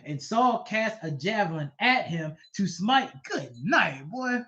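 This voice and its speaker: A man who teaches the Bible reads out verses and unpacks them in loose, lively everyday language, repeatedly asking his listeners whether they follow. His voice is high and slow, and the recording is dull and lo-fi.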